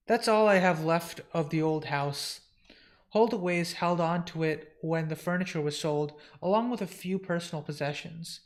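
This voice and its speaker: A man voicing a frail elderly woman who speaks softly and fondly. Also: on the high side. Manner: soft, fond, apologetic.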